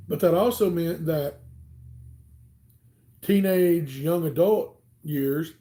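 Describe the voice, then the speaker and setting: A man's voice: a little high, slow pace, dark tone. A man in his forties from Alabama with a Southern US accent, telling rambling stories casually on a livestream, with lots of "um"s. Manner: rambling, chatty, many "um"s. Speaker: channel host.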